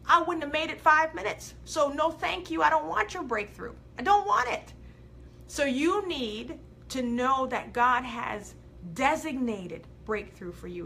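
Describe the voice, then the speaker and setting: A woman hosting a live inspirational video, preaching with big swings from loud to soft and reading viewer comments aloud. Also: fairly high pitch, a little hiss or hum. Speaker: host of a live faith and life coaching show.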